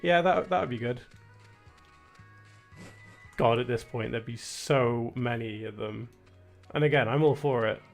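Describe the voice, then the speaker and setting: A young British streamer rambles wryly through casual gameplay commentary, full of filler words. His mid-range voice is unhurried and creaky, with long pauses, and faint game music plays behind him.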